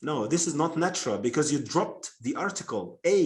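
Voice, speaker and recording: A man runs a teaching workshop, explaining points one at a time and pausing to draw answers from his listeners. His voice sits fairly high for a man. He often slows right down to stress key words. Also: lively intonation. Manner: explaining, eliciting answers from the audience. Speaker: English teacher trainer. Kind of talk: workshop presentation.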